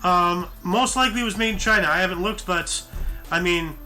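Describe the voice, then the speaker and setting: Man, tired host, high voice, piercing tone, casual news commentary, rambling asides, many fillers, faint music behind. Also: a little fast, sharp tone.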